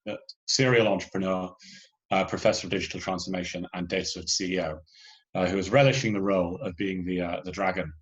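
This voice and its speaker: A deep-voiced man, heard through dull audio, is organizing a hackathon. In a loose online workshop briefing he explains the submission and judging rules, full of fillers and restarts.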